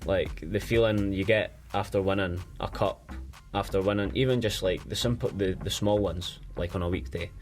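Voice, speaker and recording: Deep-voiced laid-back young footballer. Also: male voice, fairly even intonation, moderate pace, hardly any pauses, soft background music. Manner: laid-back, loose, filler-heavy. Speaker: guest, professional footballer. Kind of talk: casual interview. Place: studio.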